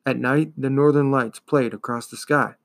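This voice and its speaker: A man with a medium-pitched voice reads a fantasy novel aloud, telling the story in a measured, expressive way.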